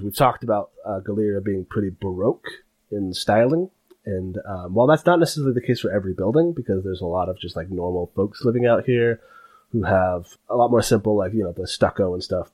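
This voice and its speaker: A man narrating a tabletop fantasy game as game master, describing scenes in a relaxed, rambling way with many fillers. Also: lowish voice, husky.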